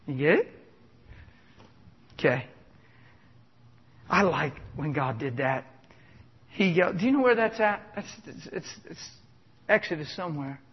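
A man's voice: fairly high pitch, breathy edge. A man preaching a sermon with exuberant, emphatic delivery, chuckling between points. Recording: dull lo-fi sound with long hall reverb.

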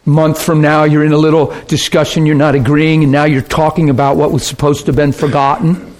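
A man pastor giving an informal teaching talk, telling stories in an animated way and laughing often. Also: fairly high pitch, a little fast.

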